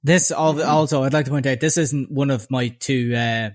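A man in his twenties with a Dublin accent, telling a story in a casual chat. He is animated, sweary and sardonic. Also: medium pitch, normal speed. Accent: Dublin Irish. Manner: animated, profane, sardonic anecdote-telling with voiced quotes. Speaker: podcast co-host.

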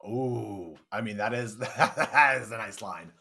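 A woman's voice: very deep voice, takes it slowly, sharp tone, breathy edge. A woman co-hosting a podcast, chiming in with short dry reactions and jokes. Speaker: podcast co-host. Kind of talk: casual chat.

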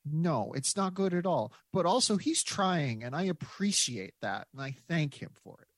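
A man co-hosting a casual podcast, opinionated and wry. His pitch swings in an animated way. The recording is close and dry. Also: moderate pace, dry recording. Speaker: podcast co-host.

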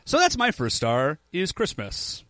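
A man's voice: fairly high pitch, wildly swooping pitch, measured pace, bright, forceful tone, dry recording. A young man co-hosting a podcast in casual chat, laid-back and peppering his talk with "like". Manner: laid-back, says "like" often. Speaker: podcast co-host.

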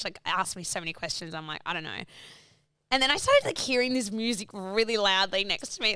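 A woman's voice: medium pitch, brisk, clear, resonant tone, no room sound, studio quality. A young Australian woman in casual chat, telling a travel story with lots of acted-out quotes and laughter. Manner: animated storyteller, acts out quotes, laughs often.

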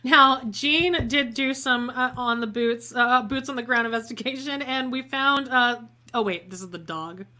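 A woman riffs through a casual, snarky TV recap in a bright, fairly high voice. She talks loosely and swears freely. She laughs easily and slips into playful mock voices. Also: normal speed, hardly any pauses. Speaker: co-host of a TV recap show.

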